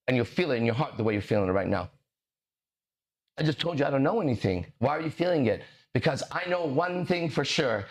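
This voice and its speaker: A man with a voice on the high side hosts a podcast as a mindset coach. He delivers a swaggering, profane, preachy monologue full of dramatic pauses.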